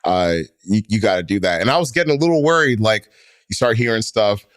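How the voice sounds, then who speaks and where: A man's voice: on the low side, animated, a little fast, dry recording, clean studio sound. A man co-hosting a sports podcast, talking casually and rambling through his points with lots of fillers. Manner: rambling, heavy on fillers and restarts. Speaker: podcast co-host.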